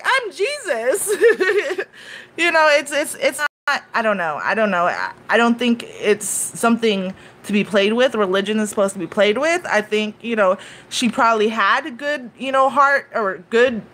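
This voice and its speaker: A young woman giving unscripted live commentary on a YouTube dispute, upset and halting, with many restarts and "you know" fillers. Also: mid-range voice, a bit bright.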